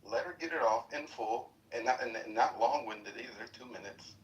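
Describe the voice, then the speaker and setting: A man's voice: medium pitch, moderate pace. A man in a live-stream debate, persistently arguing that others should be allowed a full dialogue. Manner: persistent, reasoning, pressing for dialogue. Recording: distant, dull lo-fi sound.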